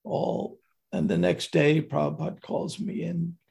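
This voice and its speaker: An older man telling a personal story as a guest, earnest and slowing down on emotional words, with a raspy, gravelly voice. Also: a little high, steady tone, a little mellow.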